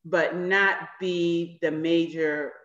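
Animated woman acting out stories, roomy sound. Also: on the low side, very slow, muffled recording. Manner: animated storyteller who acts out quoted dialogue. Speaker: cast member discussing an episode. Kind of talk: casual chat.

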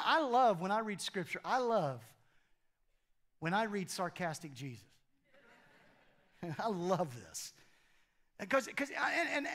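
Animated male pastor with a high voice. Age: middle-aged. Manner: animated, conversational, humorous, with repeated phrases. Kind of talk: sermon. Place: church auditorium.

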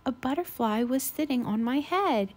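A woman's voice: high-pitched, animated, moderate pace. A woman voicing a grumpy, patient male goose in a storybook read-aloud, with a weary, mumbling manner. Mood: grumbling.

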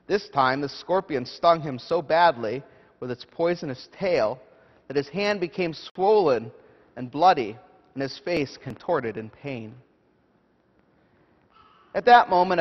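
A pastor delivering a sermon, telling a story in a measured, prayerful way. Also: male voice, a little high. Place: church sanctuary. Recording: dull echoey church hall.

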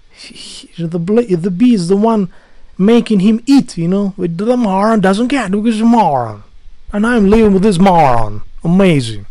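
A man's voice: high-pitched, lively intonation, normal speed, warm tone. A man speaking English as a second language vents to his audience about a housemate. He sounds fed up, swears freely and keeps restarting his sentences. His talk is loose and unscripted, like a video diary. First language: not English. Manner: exasperated ranting, swears often, restarts a lot. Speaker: vlogger. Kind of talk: casual rant to camera.

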